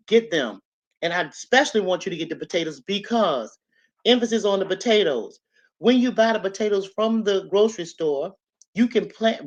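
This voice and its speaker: A woman hosting a casual instructional vlog, chatty and repetitive, often checking in with "okay?" and "right?". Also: mid-range voice. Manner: chatty, repeats herself, asks "okay?" and "right?". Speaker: channel host. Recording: slightly dull lo-fi audio.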